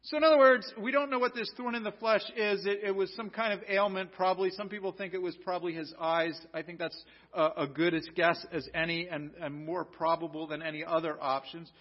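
American male pastor, high voice, earnest sermon with restarts, muffled lo-fi recording. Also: steady tone, a little fast. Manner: earnest, rhetorical questions, frequent restarts. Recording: dull lo-fi recording.

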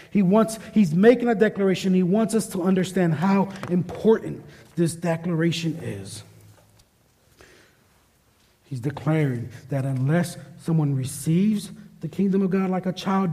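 A man's voice: high voice, warm tone, in a large hall. A male pastor and parent preaching a sermon, emphatic, often repeating his key phrases. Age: adult parent. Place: church sanctuary.

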